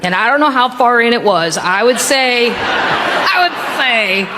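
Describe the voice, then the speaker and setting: A woman's voice: on the high side, expressive, measured pace, a little hiss or hum. A woman stand-up comedian telling rambling, self-mocking stories on stage in a comedy club. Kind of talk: stand-up routine. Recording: reverberant club with loud audience laughter.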